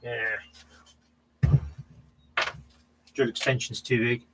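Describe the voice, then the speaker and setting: A man's voice: mid-range voice, little pitch movement, extremely slow, over loud music, poor audio. A man live-streaming from his home workshop, chatting casually to viewers and thinking aloud between tasks. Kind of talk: casual chat while working.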